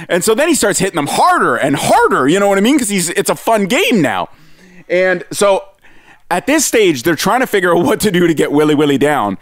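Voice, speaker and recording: A man's voice: high voice, no room sound. A man telling a funny story in a casual chat. He talks with big energy and swears freely. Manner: animated, swears freely, acts out other people's voices. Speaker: podcast co-host telling a story.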